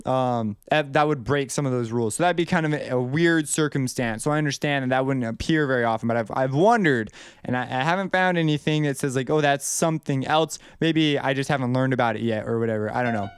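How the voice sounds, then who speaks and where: A man's voice: medium pitch, fast, smooth, dry recording, clean studio sound. A young man giving a casual video lesson on composing melodies, talking loosely and thinking aloud with many restarts. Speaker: music composition teacher.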